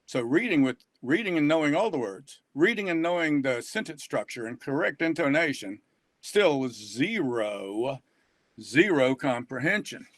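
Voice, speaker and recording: A man's voice: on the high side, big pitch swings, moderate pace, dry recording. An older man, an author and reading educator, talking in a folksy, rambling way and chuckling often. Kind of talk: casual online talk.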